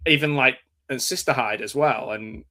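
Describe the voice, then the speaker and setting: An English man hosting a live film chat, his voice bright and forward in tone. He talks in a loose, rambling way, stopping and restarting his sentences and leaning on "um" as he thinks aloud. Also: medium pitch, normal speed. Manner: rambling, hesitant, with many fillers and restarts. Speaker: show host. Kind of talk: casual live chat about films.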